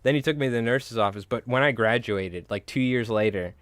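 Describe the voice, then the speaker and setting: A man's voice: mid-range voice, brisk, fairly bright tone, dry recording. A young adult man hosting a live stream, chatting casually and rambling through stories full of filler words and swearing. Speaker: livestream host. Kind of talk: casual chat while tying flies on a live stream.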